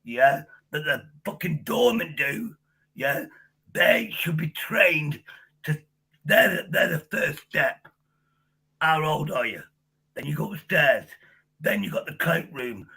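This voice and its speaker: Man, gravelly, husky, tense, angry swearing rant, hoarse from shouting. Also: fairly high pitch, expressive, slow pace, pauses often, low-quality recording. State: losing his voice. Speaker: livestream host. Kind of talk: heated livestream argument.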